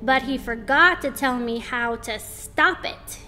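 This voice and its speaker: Storybook papa, gruff and grumbling, stern as a woman reads him, high-pitched and unhurried. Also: sharp tone, long reverb tail, faint music behind. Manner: grumpy, stern. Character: gruff grumbling farm father.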